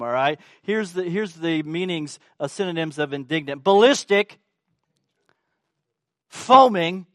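High-pitched guy preaching slow, big emphatic sermon, lots of "right?" to the crowd, dry sound. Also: fairly bright tone, dry recording. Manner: emphatic, rhetorical questions to the congregation.

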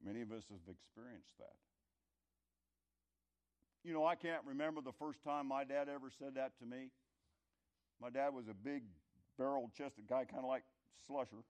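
A middle-aged or older man delivers a homespun anecdote as a sermon, in a voice of ordinary middle pitch. He talks conversationally and rambles, restarting his sentences. His volume swells for emphasis and then drops low. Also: moderate pace, long pauses. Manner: rambling, conversational, loudness rising and falling. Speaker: speaker telling a story to an audience. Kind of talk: folksy storytelling sermon.

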